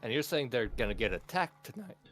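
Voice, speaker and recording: A man's voice: mid-range voice, very animated, fast, fairly bright tone, soft background music. A man taking part in a tabletop role-playing game, talking in a playful, sarcastic way. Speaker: player.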